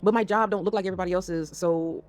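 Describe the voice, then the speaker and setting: A woman's voice: on the low side, steady tone, fast, soft background music. A woman talking casually to camera as a vlogger, rambling and swearing as she jumps between topics.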